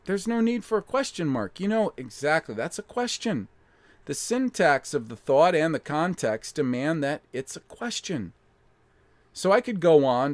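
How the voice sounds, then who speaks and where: A man's voice: mid-range voice, no echo. A man hosting a casual live-stream lecture, thinking aloud in a blunt, emphatic way with mild swearing and frequent restarts.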